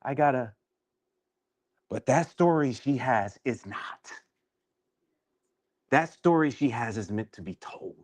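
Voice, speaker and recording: A man with a deep voice leading a workshop session, telling a candid personal story in a reflective, halting way with many restarts. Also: expressive, darkish tone, no room sound.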